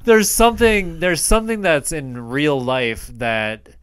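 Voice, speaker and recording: A man's voice: on the high side, very animated, measured pace, a bit bright, clean tone, no echo, studio quality. A man co-hosting a casual movie review podcast, laughing often and chiming in with short remarks. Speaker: podcast co-host.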